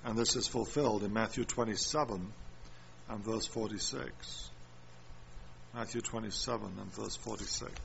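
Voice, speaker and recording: A man's voice: fairly low pitch, fairly even intonation, moderate pace, gravelly, fairly bright tone. A man preaching a sermon, reading scripture and repeating chapter and verse. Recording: muffled recording with faint room noise.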